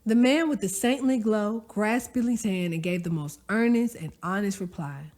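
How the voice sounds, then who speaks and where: A woman narrating a story aloud, expressive and conversational, with folksy asides to the listener. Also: medium pitch, moderate pace. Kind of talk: audiobook-style story narration.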